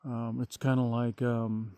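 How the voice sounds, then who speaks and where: A man's voice: medium pitch, little pitch movement, measured pace, dark tone, clear, resonant tone, no echo, clean studio sound. A man in his fifties rambling folksily with lots of fillers, vlogging outdoors at night in the countryside. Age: 50s.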